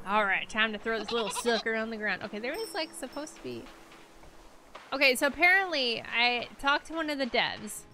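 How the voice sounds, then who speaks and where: A woman's voice: fairly high pitch, lively intonation, moderate pace, background noise. A woman streaming a video game, chatty and giggly, talking to her viewers. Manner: chatty, giggly, talks to chat. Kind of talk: casual game livestream commentary.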